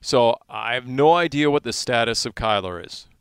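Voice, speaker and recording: A man working as a sideline reporter, chatting on a sports radio show and telling animated stories, his voice jumping up when he gets excited. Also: medium pitch, moderate pace, clear, resonant tone, no room sound. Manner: animated storytelling, voice jumps up in excitement.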